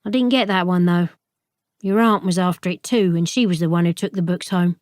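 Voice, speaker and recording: A woman's voice: lowish voice, brisk, darkish tone, no room sound, studio quality, lightly acted. A woman voicing a swaggering, plump middle-aged male book dealer who is falsely jovial and wheedling. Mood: persuasive.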